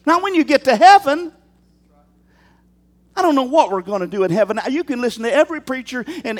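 A man preaching a sermon from the pulpit in a strikingly high voice. His pitch leaps up and down as he tells stories. He keeps turning to the congregation with rhetorical questions. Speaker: pastor.

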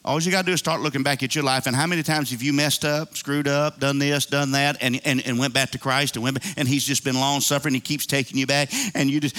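A man's voice: mid-range voice, fairly even intonation, fairly quick, fairly bright tone. A man preaching a sermon in a church, folksy and colloquial, calling out to the congregation and acting out little prayers. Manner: preaching with call-and-response and playful asides, acting out prayers. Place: church sanctuary.

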